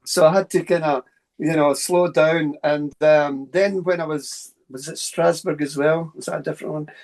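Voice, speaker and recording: Scottish male guest, fast-talking raconteur, slightly higher-pitched. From Scotland. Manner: fast, animated anecdotes with asides. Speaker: guest, paranormal researcher. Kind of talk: casual storytelling interview.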